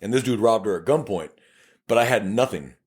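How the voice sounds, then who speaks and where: This police investigator has a lowish voice with a breathy edge and a brisk pace. On a casual podcast he co-hosts, he recounts his work in blunt, plain terms, acting out conversations with animation and occasionally swearing.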